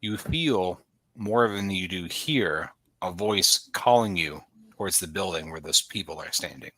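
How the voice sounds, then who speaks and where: A man's voice: sits low, a little slow, sharp tone, dry recording, low-quality recording. A man running a tabletop game as game master, narrating scenes evocatively.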